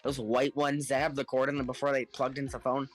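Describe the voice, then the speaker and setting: Man, casual storytelling, acts out voices, chuckles, mid pitch, faint music behind. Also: fast talker. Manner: animated, acts out the other people in his story; laughs between lines. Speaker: podcast co-host telling a story.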